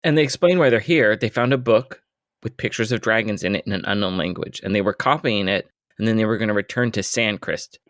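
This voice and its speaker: A man co-hosting a podcast, recapping the plot in relaxed casual talk and asking questions. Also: lowish voice, fairly quick, no room sound, clean studio sound. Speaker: podcast co-host.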